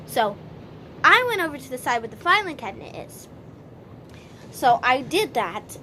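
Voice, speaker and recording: A woman's voice: sits high, bright, forceful tone, a little hiss or hum. A woman vlogger telling a story casually to camera, rambling with many restarts.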